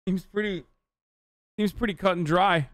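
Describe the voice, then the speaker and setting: A man's voice: high voice, normal speed, fairly bright tone, no room sound. A man streaming a reaction to a video, cutting in with incredulous, profane comments.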